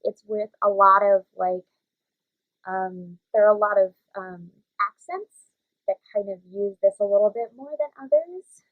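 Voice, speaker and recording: A young woman teaching young children vocal warm-ups in a casual, chatty way, with many fillers. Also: medium pitch, a little slow, no echo. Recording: dry, phone-like audio.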